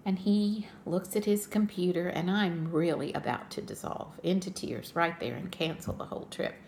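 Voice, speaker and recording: A woman's voice: fairly low pitch, moderate pace, gravelly, darkish tone, slight background noise. An older woman chatting to her viewers as a cross-stitch vlogger, telling a travel story in a friendly, talkative way.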